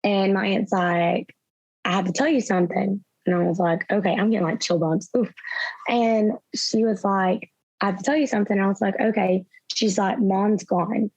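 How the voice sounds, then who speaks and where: A young woman, a guest in an interview, retelling events through quoted dialogue in a soft, halting way with fillers. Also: mid-range voice, steady tone, breathy edge, no room sound. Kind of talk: personal storytelling in an interview. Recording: slightly dull, dry sound.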